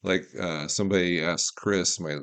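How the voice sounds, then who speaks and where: A man's voice: sits low, steady tone, normal speed, a bit bright, clean tone. A man from Alaska, a guest filmmaker telling candid, opinionated behind-the-scenes stories in a casual podcast interview. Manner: candid, opinionated, talks through anecdotes.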